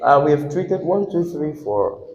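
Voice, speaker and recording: A Nigerian man teaching an English class, quizzing students and repeating words slowly. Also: fairly high pitch, expressive, highs cut off. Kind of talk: classroom lesson. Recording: echoey classroom.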